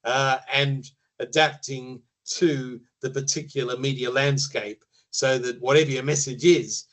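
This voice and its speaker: A man speaking as a media-trainer guest in a podcast interview, explaining in a measured way and often pausing to rephrase. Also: medium pitch, fairly even intonation, fairly bright tone, low-quality recording.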